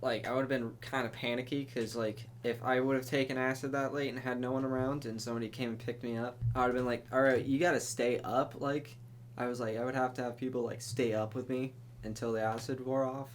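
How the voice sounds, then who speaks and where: A young man co-hosting a casual podcast at an ordinary mid pitch. He tells stories loosely, laughing and swearing as he goes. A faint hum runs under his voice. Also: flat delivery, quick pace. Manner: laughing storyteller who acts out quotes, swears freely. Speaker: podcast co-host. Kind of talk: casual chat.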